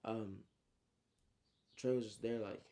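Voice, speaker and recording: A man's voice: on the low side, steady tone, slow, creaky, mellow. A young man casually recapping his own story in heavy slang, adding spoken sound effects as he goes.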